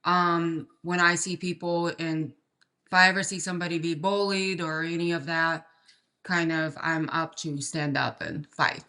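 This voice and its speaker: A woman's voice: on the low side, fairly even intonation, unhurried, bright, forceful tone. A young woman from Ukraine with a slight Russian accent, a guest on a podcast, speaking plainly and hesitantly with many fillers.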